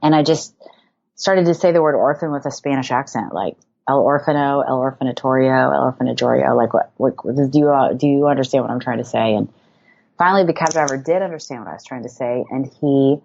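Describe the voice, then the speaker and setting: Low-voiced woman telling a story. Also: a little fast, dull audio. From Cincinnati. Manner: lively storyteller acting out quoted dialogue. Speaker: ministry leader, guest. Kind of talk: podcast interview, storytelling.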